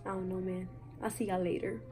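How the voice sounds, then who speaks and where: A woman's voice: on the low side, level tone, a little fast, loud music behind the voice. A teenage girl talking casually to her phone camera, rambling with lots of fillers. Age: teens. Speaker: vlogger. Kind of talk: casual vlog chat.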